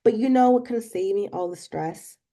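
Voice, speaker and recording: A young woman hosting a podcast, telling an animated story and giving casual advice straight to her listeners. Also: medium pitch, brisk. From not from Florida. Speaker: podcast host.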